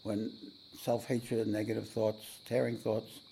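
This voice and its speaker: A spiritual teacher telling a tale to his listeners. He rambles, clears his throat often and fills gaps with "uh". His voice is mellow and dark, with a gravelly rasp. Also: lowish voice, level tone, measured pace, a little hiss or hum. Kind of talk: storytelling talk to a meditation audience.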